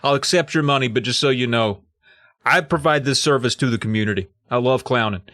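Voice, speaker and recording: A man's voice: medium pitch, a little fast, a bit bright, no echo, clean studio sound, close to an everyday voice. A man voicing an overeager twelve-year-old boy who loves clowning, talking in slang. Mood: gushing.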